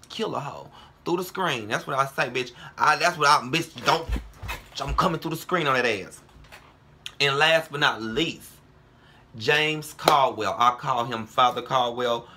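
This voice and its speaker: Brash man ranting profanely, bright voice. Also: mid-range voice, vocal fry. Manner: brash, heated, profane, calls viewers girl and ho. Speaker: vlogger. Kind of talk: profane casual vlog rant.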